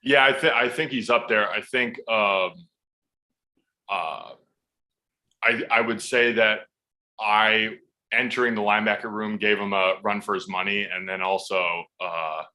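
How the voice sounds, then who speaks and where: Guy in his 30s, kinda low voice but bright and forceful, swears a lot, easygoing storyteller. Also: steady tone, measured pace. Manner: laid-back, swears freely, acts out quotes. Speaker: podcast guest, football player. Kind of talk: casual storytelling.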